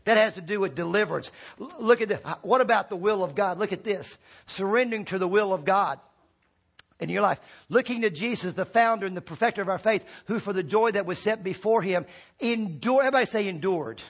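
A male pastor with a high voice and a husky edge to it. He preaches with big swings between loud shouted peaks and quiet low drops, and keeps calling on the congregation to respond. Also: a little fast. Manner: rallies the congregation with call-and-response prompts. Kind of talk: sermon.

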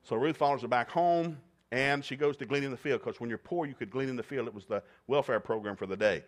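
A man's voice: medium pitch, quick pace. Folksy joking preacher man. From East Tennessee, USA. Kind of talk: humorous sermon storytelling.

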